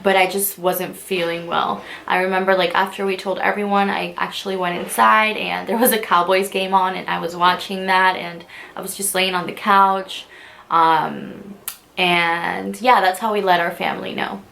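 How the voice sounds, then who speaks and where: A woman's voice: on the low side, level tone, normal speed, gravelly, a bit bright, a little hiss or hum. A young woman in her twenties telling her own story in a vlog, her voice catching as she talks through tears, with many fillers. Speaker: vlogger. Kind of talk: emotional personal storytelling.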